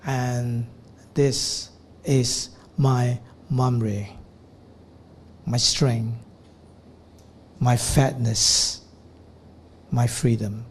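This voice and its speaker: A man's voice: medium pitch, little pitch movement, drawn-out words, pauses often, breathy edge. A man preaching a sermon, telling stories and acting out quotes along the way. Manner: storytelling sermon with acted quotes. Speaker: pastor.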